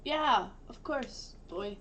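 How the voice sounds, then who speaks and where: A woman's voice: a little high, expressive, slow pace, pushed and bright. A woman on a live stream, playful and easily distracted, working through Japanese words in casual chat.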